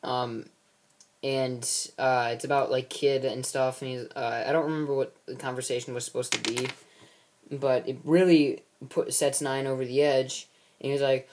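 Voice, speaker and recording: A man's voice: medium pitch, flat delivery, moderate pace, a little mellow. A man casually recapping the plot of his own film series, rambling with many fillers and restarts.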